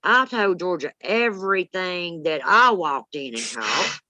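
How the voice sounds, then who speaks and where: A woman's voice: fairly low pitch, measured pace, dry recording. A woman, telling a story in blunt, salty casual chat. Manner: blunt, salty, animated retelling.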